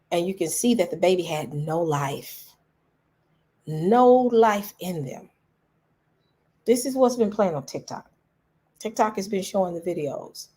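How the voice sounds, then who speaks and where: Middle-aged woman vlog host, lowish husky voice, casual, heartfelt, repeats key lines to her viewers. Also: dark tone. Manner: repeats phrases for emphasis, talks straight to the audience. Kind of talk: emotional casual commentary to viewers.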